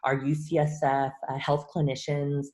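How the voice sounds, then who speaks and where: A woman, a university vice chancellor, answering interview questions in a measured way, with frequent "uh" fillers and repeated words. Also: deep voice, level tone, a little mellow.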